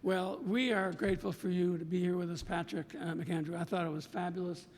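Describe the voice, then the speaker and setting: An American man hosting a podcast interview, effusive and halting, often restarting his sentences. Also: fairly even intonation. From United States. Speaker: podcast host. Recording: reverberant room with faint rumble.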